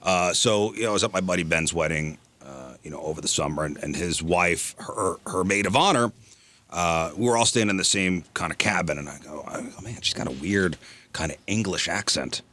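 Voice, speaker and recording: A man's voice: low voice, fairly quick, pushed and bright. A man co-hosting a radio comedy show, chatting casually and mimicking accents when he quotes people. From East Coast. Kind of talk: casual chat.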